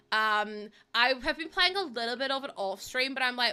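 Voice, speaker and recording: A woman's voice: high-pitched, big pitch swings, brisk, hardly any pauses, sharp tone, soft background music. A young woman chatting casually to her live-stream viewers, giggly and friendly, calling them bestie. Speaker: game streamer.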